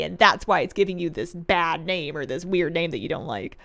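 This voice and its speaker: Woman streamer, playful rambling gameplay chat, mid pitch, faint music behind. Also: fairly quick, few pauses. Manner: rambling and playful, laughs often, answers chat. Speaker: game streamer.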